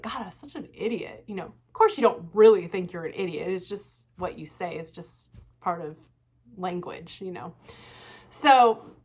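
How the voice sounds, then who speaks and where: A woman vlogging her casual reaction commentary, animated and laughing often, with frequent swearing. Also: lowish voice.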